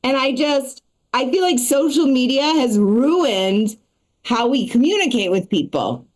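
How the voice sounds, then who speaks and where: A woman performing a stand-up comedy set and hosting a live show, talking in a quick, chatty way full of asides. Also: sits high, expressive.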